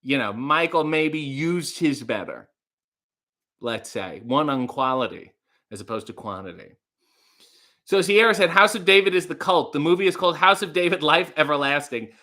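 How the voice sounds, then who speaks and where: A man with a bright, slightly high voice hosts a casual livestream. He reads viewer comments aloud and reacts in a chatty, offhand way, as if talking to regulars. He sounds like a man in his thirties. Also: animated, normal speed. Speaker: host.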